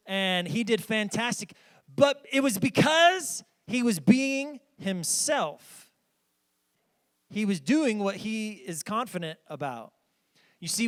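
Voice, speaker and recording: A man's voice: high voice, a bit bright, clean tone. A male pastor in his thirties preaching a storytelling sermon in church, chatting directly with the congregation. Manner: conversational, addresses congregation directly. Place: church sanctuary.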